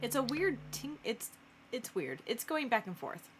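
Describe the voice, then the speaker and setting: A woman narrating as game master of a tabletop game, unhurried and often laughing. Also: a little high, sing-song, background noise.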